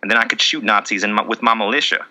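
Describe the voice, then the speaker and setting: A man's voice: fairly low pitch, fast talker, bright, forceful tone, poor audio. A man improvising a rambling militia man who lives in the woods, with a shaky attempted Southern accent that keeps slipping. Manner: rambling, self-contradicting, wobbly put-on drawl. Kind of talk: improvised comedy bit.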